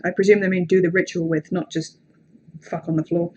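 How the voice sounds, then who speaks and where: On a muffled recording, a young woman with a British accent talks briskly in a lowish, darkish, slightly rough voice with little pitch movement. She's rambling and sweary on a livestream, poking fun at herself as she chats between horror stories she reads aloud.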